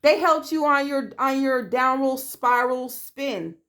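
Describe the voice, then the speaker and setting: A woman's voice: high voice, takes it slowly, a bit bright. A woman doing a tarot reading to camera in a blunt, profane, streetwise manner, calling the listener babe and acting out quoted voices. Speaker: tarot reader.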